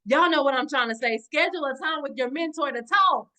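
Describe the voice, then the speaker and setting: A woman's voice: high voice, a little fast, pushed and bright. A woman giving an impassioned motivational talk on a video call, preaching with repeated exhortations and calling her audience y'all. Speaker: motivational speaker.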